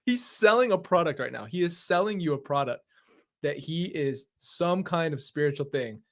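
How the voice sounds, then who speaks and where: A man's voice: on the high side, lively intonation, moderate pace. A man hosting a true-crime reaction commentary in a casual, mocking and exasperated way, laughing and swearing as he talks.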